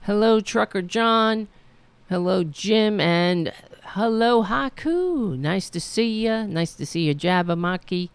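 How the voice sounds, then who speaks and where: A woman's voice: medium pitch, lively intonation, slow, clear, resonant tone, no echo. A woman hosting a political livestream, rambling casually with many fillers while losing her voice. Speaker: host of a political livestream show.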